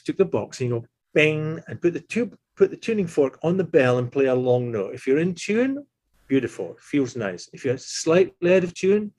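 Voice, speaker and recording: A man in his sixties, a tuba player and teacher, telling stories in a relaxed, animated way and acting out the voices he quotes. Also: medium pitch, husky. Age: 60s. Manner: animated, acts out quoted voices, chuckles often. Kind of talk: relaxed anecdotal storytelling.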